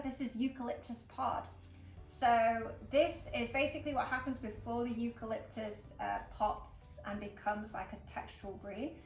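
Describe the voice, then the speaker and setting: A woman from England, hosting a casual flower-arranging demonstration in a chatty, upbeat way with plenty of fillers. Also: on the high side. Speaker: florist host. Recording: roomy echo, mic at a distance, faint background music.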